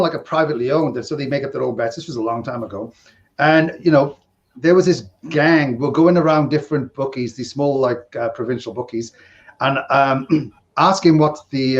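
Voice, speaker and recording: Telling casual stories on his podcast, a man in his fifties who works as a casino dealer rambles along, chuckling and acting out the dialogue. His voice sits in the mid range, and the recording has its highs cut off.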